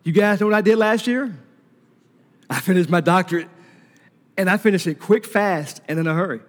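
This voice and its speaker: A man preaching a sermon to a congregation, telling a personal story in an animated way, laughing and acting out conversations. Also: high-pitched, moderate pace. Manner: animated storyteller who laughs and acts out dialogue. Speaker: preacher giving a testimony. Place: large hall before a congregation. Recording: long reverb from a large hall.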